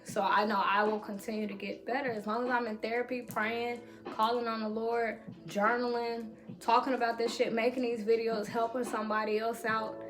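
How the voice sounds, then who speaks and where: Woman vlogger, blunt and profane but reassuring, fairly high voice, music under her. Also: level tone, normal speed, hardly any pauses, fairly bright tone. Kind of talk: motivational talk to camera.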